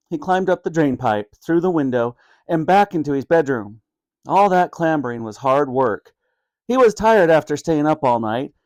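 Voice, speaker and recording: A man reading a children's book aloud as a storyteller, animated and expressive. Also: a little high, no room sound.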